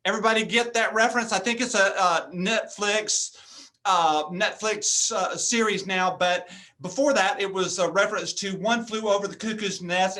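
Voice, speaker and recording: A man speaking at a luncheon, telling a funny personal story and playing every part in it. His voice sits high for a man and carries a bright, forceful edge. He turns to the room with questions as he goes. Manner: comic, acts out dialogue, addresses audience. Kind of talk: humorous storytelling speech. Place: meeting before a live audience.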